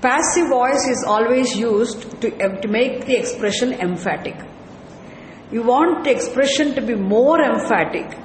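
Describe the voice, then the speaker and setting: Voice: mid-range voice, a little slow. A teacher giving an explanatory lecture on Sanskrit scripture, patient and often asking the class rhetorical questions. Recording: echoey hall with faint ambient noise.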